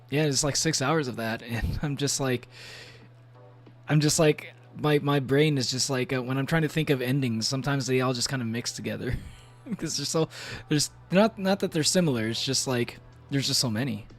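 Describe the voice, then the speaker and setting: Guy streamer rambling about a game, mid-range voice, says like a lot and laughs a bunch. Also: mid-range voice. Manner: rambling, filler-heavy, laughs often. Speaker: VTuber streamer. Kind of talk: casual game stream chat.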